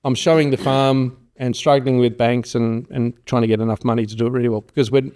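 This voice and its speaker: Man with a mellow voice. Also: medium pitch, fairly quick. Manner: rambling, animated storyteller who acts out quoted voices. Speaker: agronomist and farm consultant. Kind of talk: casual interview storytelling.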